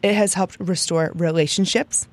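A woman's voice: fairly low pitch, steady tone, normal speed. A young adult woman hosting a podcast, teaching in a chatty, upbeat way and often tagging lines with "right?". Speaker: podcast host. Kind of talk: casual teaching monologue.

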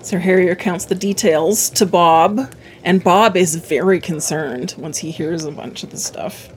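Relaxed woman podcaster summing up plot. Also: on the low side, measured pace, a little hiss or hum. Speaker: podcast co-host. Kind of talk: casual book discussion, reading quotes.

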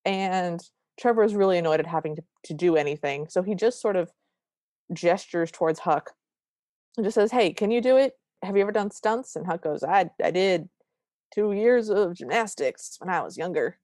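A woman's voice: lowish voice, moderate pace, no echo, studio quality. A woman co-hosting a podcast, retelling a movie scene by scene in casual chat and acting out the characters' lines. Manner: animated retelling with quoted lines. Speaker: podcast co-host.

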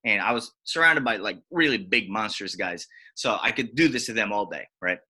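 A man in casual conversation, telling animated stories and acting out what others said. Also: normal speed, few pauses, husky. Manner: animated, acts out quotes with big pitch jumps. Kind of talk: casual storytelling chat.

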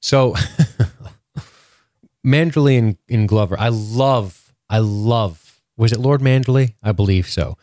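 A man's voice: on the low side, mellow, dry recording, studio quality. Jokey man in casual recap chat. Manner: jokey, laughs often, quick asides. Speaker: podcast co-host.

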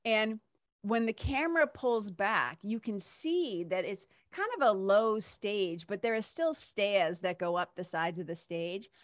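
A woman's voice: medium pitch, animated, measured pace, no room sound, studio quality. Heartfelt woman in her fifties telling a story. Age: 50s. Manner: warm storytelling, emotional, says "like" and "right?" often. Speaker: host. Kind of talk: casual heartfelt monologue.

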